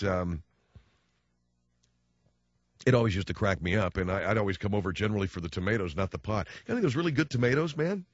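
A man's voice: fairly low pitch, dry recording, highs cut off. A middle-aged man hosting a radio talk show, rambling wryly in a casual monologue. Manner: rambling, wry.

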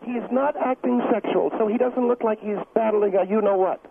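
Pushing his voice up into a high, creaky register, a man portrays a defensive middle-aged woman dance instructor who is indignant and sorry for herself. He talks at a moderate pace in this comedic phone-in bit, heard over a noisy, tinny line.

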